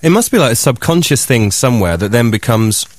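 Expressive mid-pitched male radio presenter. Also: brisk. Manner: calm, dry remarks, frequent murmured agreement. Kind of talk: casual radio chat. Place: radio studio.

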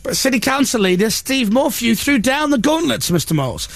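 A man's voice: extremely high pitch, big pitch swings, brisk, gravelly, a bit bright, no echo. A man hosting a radio breakfast show, chatting and reading a newspaper story aloud with sarcastic, mocking asides. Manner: sarcastic, mocking, self-deprecating. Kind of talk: casual on-air banter, reading a newspaper aloud. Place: radio studio. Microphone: studio microphone.

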